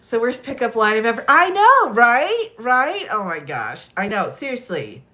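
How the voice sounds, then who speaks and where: A woman's voice: on the high side, wildly swooping pitch, a little slow, bright, forceful tone. A woman chatting casually on a live stream, telling stories and laughing often. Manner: giggly, chatty, lots of laughter.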